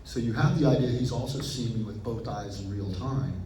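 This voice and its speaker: A man being interviewed as an actor guest, telling stories animatedly and acting out his own past thoughts in quick asides. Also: mid-range voice, mellow, a little hiss or hum. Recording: roomy echo, picked up from a distance.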